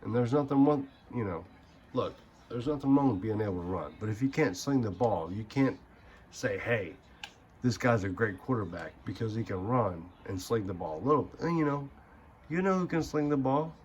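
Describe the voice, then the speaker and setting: A man's voice: medium pitch, animated, moderate pace, darkish tone, highs cut off, a little hiss or hum. A young man giving casual gaming commentary, ranting in a heated, profane, rambling way. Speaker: gaming channel host.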